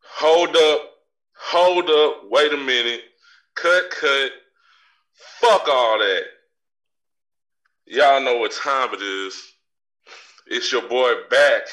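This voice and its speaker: A man's voice: mid-range voice, takes it slowly, long pauses, pushed and bright. A man hosting a podcast, delivering a brash, profane, swaggering comedic rant. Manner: swaggering and profane, trash-talking. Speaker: podcast host. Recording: distant mic with faint crowd noise.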